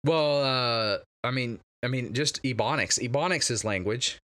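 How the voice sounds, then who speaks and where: Halting man in casual chat. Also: medium pitch, pushed and bright. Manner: halting, many restarts and fillers.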